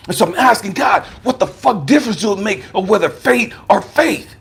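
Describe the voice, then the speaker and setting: A man giving a raw, impassioned testimony, emphatic and profane. His voice is high and husky, swinging widely in pitch as he presses his points. He talks like a life coach confronting hard things head-on. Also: expressive, brisk, hardly any pauses, fairly bright tone. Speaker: life coach and motivational speaker.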